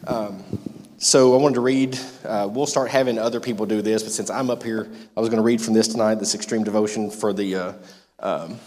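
This youth group leader speaks fairly quickly in a lowish, steady, darkish voice. He makes loose, filler-heavy announcements, then reads a devotional aloud, all in a church meeting room with long hall reverb.

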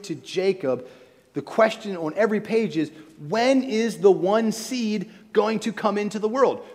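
A man delivering a sermon, building to emphatic high points and then dropping quiet and low. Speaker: preacher. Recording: long reverb of a large hall.

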